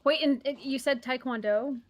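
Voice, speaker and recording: A woman guest in a casual chat, giggly and quick to agree. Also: sits high, dry recording.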